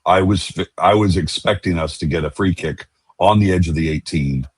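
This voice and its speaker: A man co-hosting a football podcast in casual chat, talking haltingly with frequent restarts and repeated words. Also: low-pitched, breathy edge, no room sound. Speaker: podcast co-host.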